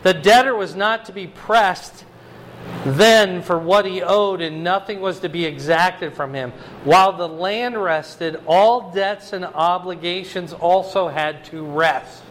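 A man with a notably high voice leads a verse-by-verse Bible study as a pastor. He reads passages aloud, then explains them in a plain conversational way and keeps checking in with his listeners. Faint noise sits under the recording. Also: slow pace, a bit bright.

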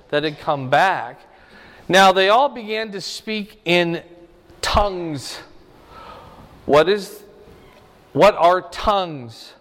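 A man's voice: sits high, a bit bright. Man teaching scripture in a reverberant hall. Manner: conversational, asks the audience questions. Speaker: pastor. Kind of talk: Bible teaching to a congregation.

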